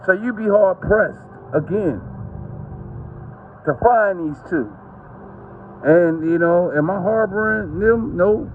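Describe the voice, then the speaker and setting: A man's voice: high-pitched, takes it slowly, pauses often, narrow, tinny audio, slight background noise. A man, ranting to camera in a heated, profane, rambling way. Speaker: vlogger.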